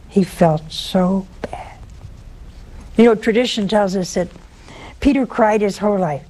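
An older woman giving a spoken religious teaching to an audience, folksy and animated, jumping to high emphatic tones and then dropping low and hushed. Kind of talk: spoken Catholic teaching talk. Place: live talk before an audience.

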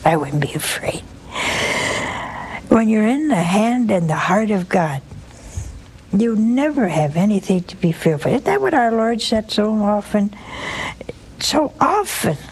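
An older woman hosting a religious call-in show, giving gentle spiritual counsel and calling her callers honey and sweetheart. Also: mid-range voice, lively intonation, moderate pace, husky, rough recording.

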